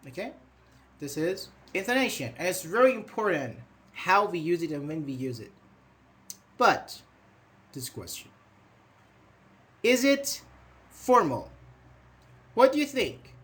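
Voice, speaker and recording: Chatty male English teacher, higher voice. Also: very animated, measured pace, long pauses, fairly bright tone. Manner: chatty, reads student comments aloud and praises them. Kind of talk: live online grammar lesson.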